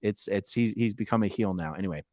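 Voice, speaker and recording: A man's voice: lowish voice, quick pace, darkish tone, no echo, studio quality. A man co-hosting a casual podcast, playfully teasing and reading out viewer comments in bursts. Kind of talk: casual chat.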